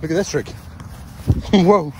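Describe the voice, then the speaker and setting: Playing soccer outdoors with his kids, a man in his thirties holds his phone to film a casual family vlog, laughing often, ribbing them, and short of breath. His pitch is fairly high, his pace slow and his tone mellow, and there's slight background noise.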